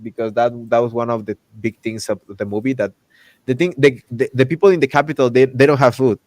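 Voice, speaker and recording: A man hosting a casual chat, ranting in an animated way and acting out characters' lines with exaggerated voices. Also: mid-range voice, brisk, no room sound. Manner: loose, repetitive restarts while ranting. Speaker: podcast host.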